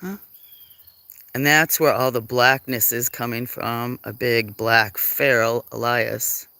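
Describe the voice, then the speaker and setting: Unhurried, gravelly live-stream host filming farm cats on a phone; chatty and apologetic with viewers. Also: medium pitch, fairly even intonation, bright, forceful tone, no echo. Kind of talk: casual live-stream chat. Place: farm, among the cats at feeding time. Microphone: handheld phone.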